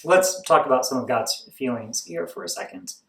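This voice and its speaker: A man's voice: medium pitch, lively intonation, moderate pace, creaky. A man preaching a sermon as pastor, explaining ideas in a conversational teaching tone. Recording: roomy, from a distance to the mic.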